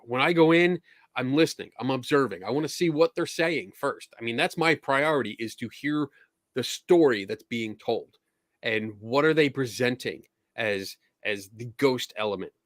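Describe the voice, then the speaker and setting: A man's voice: medium pitch, normal speed, no echo, studio quality. Easygoing man telling stories. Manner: easygoing storyteller, acts out quoted exchanges. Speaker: podcast host. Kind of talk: casual conversational chat.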